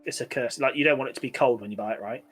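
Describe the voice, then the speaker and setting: A man's voice: medium pitch, rapid-fire, a bit bright, husky, soft background music. A man, co-hosting a podcast and telling a rambling story full of fillers. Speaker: podcast co-host. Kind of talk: casual chat.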